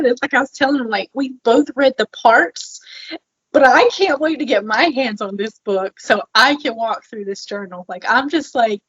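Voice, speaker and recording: A woman co-hosting a podcast in casual chat, expressive and self-deprecating, laughing easily. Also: fairly high pitch, moderate pace, husky. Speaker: podcast co-host. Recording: slightly dull, lo-fi sound.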